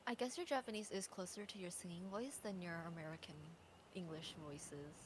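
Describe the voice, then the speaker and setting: A woman's voice: on the low side, a little fast, noisy background. A woman co-streamer in casual chat, making playful teasing suggestions.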